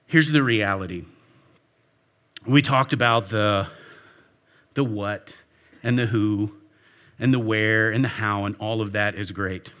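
A man's voice: fairly low pitch, takes it slowly, pauses often, fairly bright tone. A man preaching a sermon, telling a story earnestly and leading a prayer. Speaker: pastor.

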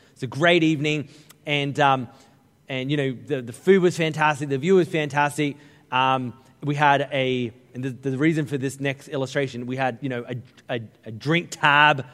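A man's voice: on the high side, fairly bright tone, in a large hall. A man in his thirties, a pastor giving a conversational, humorous sermon with stories. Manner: conversational, humorous storytelling preaching.

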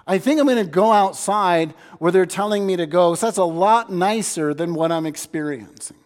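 A man voicing a male puppy dog that grumbles quickly as it learns its lesson. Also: high-pitched, big-room sound, natural voice. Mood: grumbling.

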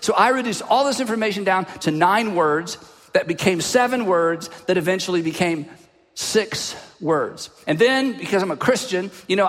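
A man preaching a sermon as a pastor, telling a personal story in an animated way and dropping his voice low for asides. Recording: long hall reverb.

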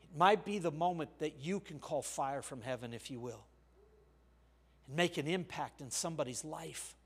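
A man's voice: a little high, moderate pace, husky. Older man preaching a story sermon. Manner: storytelling, with big swings of loudness. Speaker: pastor.

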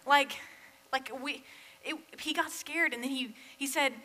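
A woman's voice: high voice, unhurried, pushed and bright, low-quality recording. A young woman giving a casual sermon, chatty and full of fillers, with self-deprecating asides.

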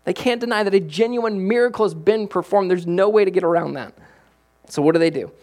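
A middle-aged man preaching as a pastor. His delivery swings from hushed to loud and excited. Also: high voice, brisk. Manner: animated preaching with big swings from quiet to loud. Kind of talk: sermon.

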